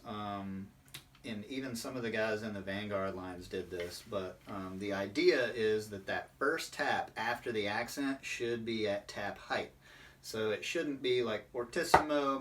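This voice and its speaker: Man, percussion instructor, low voice, explanatory, lots of fillers, distant mic, faint background noise. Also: a bit bright. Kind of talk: online drum line lesson.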